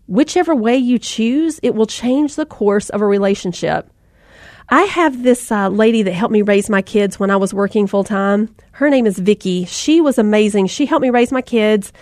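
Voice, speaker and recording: A woman in her thirties with a fairly high, slightly mellow voice speaks at normal speed, with no room sound. She's a Christian speaker giving a folksy faith-based talk to mothers, conversational and full of asides and fillers.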